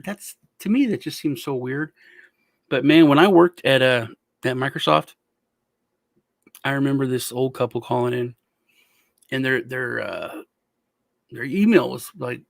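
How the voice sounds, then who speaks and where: A man co-hosting a casual chat show, telling stories deadpan and acting out the people he talks about. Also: mid-range voice, normal speed, gravelly, no echo. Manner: deadpan storytelling, acts out callers' voices. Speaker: podcast co-host.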